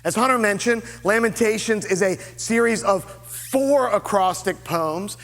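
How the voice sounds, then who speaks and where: A man preaching a sermon as lead pastor, earnest and deliberate, with dramatic pauses. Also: high voice, fairly bright tone, big-room sound. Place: church sanctuary.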